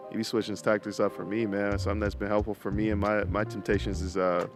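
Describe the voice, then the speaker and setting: A man's voice: on the low side, level tone, fast talker, over music. Young man preaching casually to camera. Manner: casual slangy preaching with many fillers. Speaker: vlogger. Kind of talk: casual faith talk to camera.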